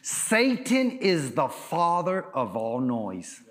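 A male pastor preaching a sermon, emphatic and rousing, asking the crowd questions and rising to shouts. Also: fairly high pitch, wildly swooping pitch, slow.

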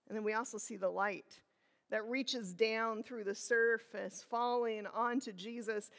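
Woman pastor, sermon, slow unhurried delivery, reflective questions, reverberant church. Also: fairly high pitch, fairly bright tone.

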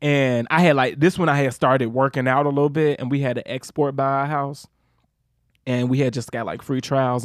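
A man co-hosting a podcast, telling animated stories in casual chat, swearing freely and jumping his voice up when he acts out scenes. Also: medium pitch, no room sound, studio quality. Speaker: podcast co-host.

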